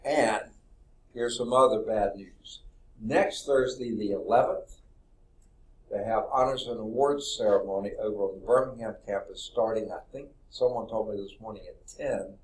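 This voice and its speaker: A man's voice: on the low side, normal speed, a little mellow. A man teaching a math class, rambling and thinking aloud with frequent okays. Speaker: math professor. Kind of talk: classroom lecture. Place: lecture classroom.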